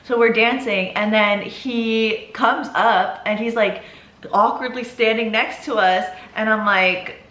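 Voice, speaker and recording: A woman in her twenties telling a story in a vlog, animated and casual, swearing freely. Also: on the high side, takes it slowly, slight background noise. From United States. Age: 20s. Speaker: vlogger. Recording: roomy echo.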